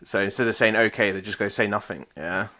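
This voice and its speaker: A chatty man on a podcast, talking through things at length. His voice is low but has a bright, forceful edge, and he swears in passing. He sounds like he is recommending something to a friend. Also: fairly even intonation, fast talker. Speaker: podcast co-host. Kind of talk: casual chat.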